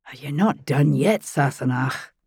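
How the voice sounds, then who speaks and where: A woman reading an audiobook, voicing a wounded Scottish man with a low, gruff, dry, matter-of-fact manner. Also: a little slow, a little mellow, no room sound, full character voice. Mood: dry weary. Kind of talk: audiobook narration.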